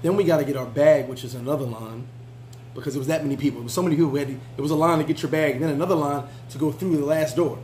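Male travel vlogger, casual storyteller, slightly high voice, faint hum behind. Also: racing, darkish tone, rough recording. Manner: laid-back, chatty, frequent fillers and restarts.

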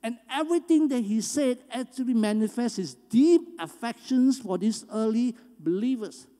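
Man, pastor, emphatic sermon, warm dark tone, long church reverb. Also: very high-pitched, normal speed. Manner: earnest, emphatic preaching with rising stresses. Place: church sanctuary.

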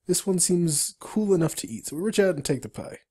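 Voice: mid-range voice, expressive, a little fast, darkish tone, husky. A player walking through a game tutorial, reading the on-screen story aloud with chatty asides. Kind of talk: let's-play narration, reading game text aloud.

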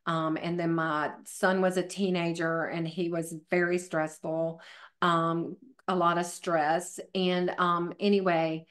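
A woman's voice: lowish voice, level tone, slow pace. A middle-aged woman, a fitness professional and podcast guest, telling her story in a chatty way with many fillers. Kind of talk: casual interview storytelling.

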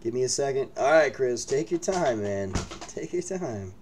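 Lively, hyped man hosting card breaks. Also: mid-range voice, moderate pace, slight background noise. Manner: hyped, joking banter with viewers. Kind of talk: live card-break streaming chat. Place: break room indoors.

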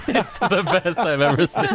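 Man, mid pitch, lively intonation, easygoing, reassuring, game music behind. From Tennessee. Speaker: gaming friend. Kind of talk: casual gaming chat.

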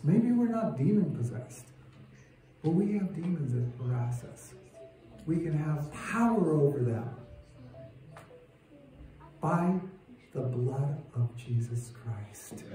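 Man, sermon, slow deliberate delivery, mellow tone, distant echoey church sound. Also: a little high. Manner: slow, emphatic preaching with rising fervor. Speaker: church speaker. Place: church sanctuary.

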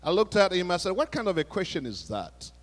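A man preaching a sermon, telling a story in a hushed voice and then raising it to exhort the congregation. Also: sits high, sing-song, fairly quick. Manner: storytelling preacher, shifts between hushed retelling and raised exhortation. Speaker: pastor. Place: church sanctuary. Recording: long church hall reverb.

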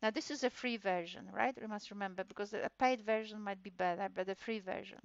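A woman's voice: mid-range voice, steady tone, brisk, dry recording, lo-fi sound. A woman lecturer giving a recorded course podcast, talking casually and acting out how a class of children would answer her. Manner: chatty, acts out classroom exchanges with children. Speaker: university lecturer.

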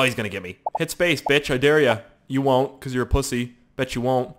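A young man giving excitable, profane live gameplay commentary with yelling outbursts. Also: mid-range voice, fast, hardly any pauses, slight background noise. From Canada. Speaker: gaming YouTuber.

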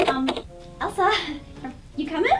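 A woman's voice: sits high, animated, normal speed, over loud music. A woman playing a chatty young princess who bluntly asks her sister why she is acting strange. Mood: puzzled. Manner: blunt, quizzical. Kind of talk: comedy sketch acting.

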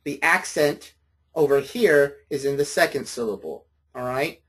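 Husky-voiced male college lecturer. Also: mid-range voice, a little slow, fairly bright tone. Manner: patient, friendly, checks in with "okay?". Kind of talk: classroom lecture. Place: classroom.

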